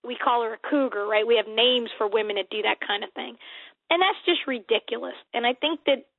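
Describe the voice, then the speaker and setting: A guest author in her forties from the United States talks earnestly and emphatically in a faith-based interview, repeating herself as she thinks things through. Her slightly high, creaky voice is brisk and comes through a tinny, phone-like line, dry with no room sound.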